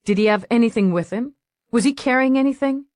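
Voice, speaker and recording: A woman's voice: fairly high pitch, fairly quick, darkish tone, dry recording, clean studio sound, pitched above the performer's own voice, natural voice. A woman narrator voicing a tough female police lieutenant who asks clipped, pressing questions. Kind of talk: audiobook character voice.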